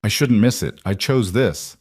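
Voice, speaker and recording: A man's voice: lowish voice, expressive, measured pace, slightly rough, dry recording, studio quality. A man voicing a driven woman executive who talks in a clipped, defensive way in a story reading.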